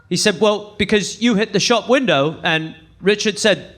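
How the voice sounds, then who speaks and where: A man from England doing a stand-up routine on a comedy club stage, animated, acting out voices and laughing at his own jokes. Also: high-pitched, normal speed, hardly any pauses, a little hiss or hum. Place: comedy club stage before a live audience.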